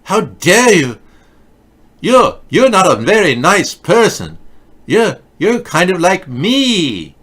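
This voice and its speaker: A man putting on the voice of a shrill, angry young girl who scolds indignantly. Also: sing-song, takes it slowly, fairly bright tone, breathy edge, full character voice. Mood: scolding.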